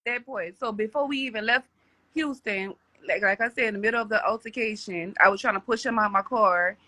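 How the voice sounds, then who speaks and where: A woman's voice: medium pitch, a little fast, sharp tone, no echo. A woman telling a personal story as a podcast guest, rambling with many restarts and repeated words.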